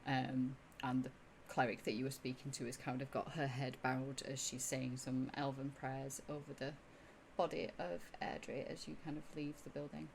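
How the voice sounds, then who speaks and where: A woman's voice: a bass voice, flat delivery, normal speed, vocal fry, a little hiss or hum. A woman running a tabletop game as game master, narrating in a hesitant way with many fillers.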